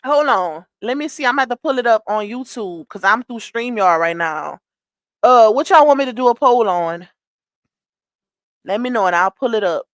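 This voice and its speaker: A woman's voice: fairly high pitch, expressive, moderate pace, no room sound. A woman hosting a live stream, chatting and giving gossip commentary while greeting her viewers by name.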